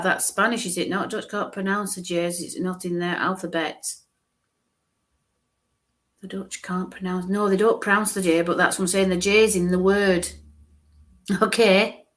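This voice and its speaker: A woman's voice: lowish voice, a bit bright. A woman medium giving a live-streamed psychic reading, musing aloud, hesitant, repeating sounds and letters.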